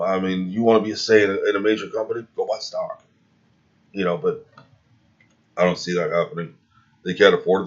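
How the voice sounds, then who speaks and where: A man speaking in a heated opinion monologue, rambling and restarting his words, recorded with dull, lo-fi sound. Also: sits low. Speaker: video commentator.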